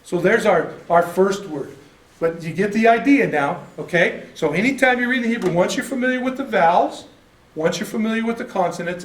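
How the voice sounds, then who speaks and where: A man's voice: high-pitched, animated, a little fast. An American man teaching an informal church class, rambling and correcting himself in a folksy way. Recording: echoey room, mic at a distance.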